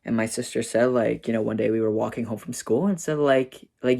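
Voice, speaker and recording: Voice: mid-range voice, fairly quick, vocal fry, hardly any pauses, warm tone. A young adult telling a personal story to camera in a casual, chatty way, peppering talk with "like" and "right?". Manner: chatty, full of "like" and "right?", acts out quoted family voices.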